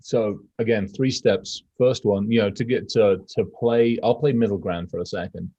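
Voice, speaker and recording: A man's voice: on the low side, normal speed, lo-fi sound. A man co-hosting a casual podcast, rambling and profane, acting out quotes as he talks. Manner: rambling, profane, animated storytelling. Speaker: podcast co-host.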